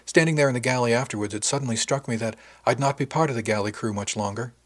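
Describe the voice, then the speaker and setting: A man reads a first-person audiobook with steady, even storytelling. His voice is husky and sits at an ordinary pitch for a man. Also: quick pace. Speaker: audiobook narrator. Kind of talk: first-person scripted narration.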